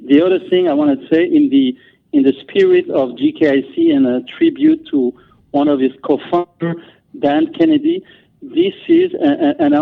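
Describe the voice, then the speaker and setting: A man's voice: extremely high pitch, gravelly. A man with a French accent, a native French speaker, talking as a guest in an interview with many restarts and fillers. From France. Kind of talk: interview on a call. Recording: tinny phone line.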